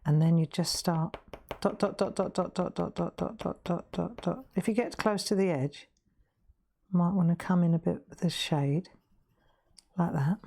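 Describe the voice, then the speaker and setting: Lady on a lapel mic, chatty colouring demo, kinda low voice. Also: a little slow, creaky, dark tone. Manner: chatty, demonstrative, laughs at herself. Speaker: crafting livestream host. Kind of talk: chatty live colouring tutorial. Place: home craft room.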